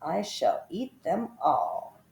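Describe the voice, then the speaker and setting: A woman voicing a greedy, scheming male crocodile who mutters slowly and slyly to himself. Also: fairly low pitch, sing-song, gravelly, a little hiss or hum, full character voice. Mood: sly hungry. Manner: slow, hushed, sly muttering. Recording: roomy echo.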